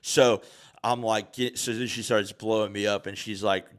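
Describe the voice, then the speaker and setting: Podcast host, man in his thirties, low-pitched, rambling profane anecdote with sudden loud bursts. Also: moderate pace. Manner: animated, profane, swings from mumbling to loud. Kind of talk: casual storytelling.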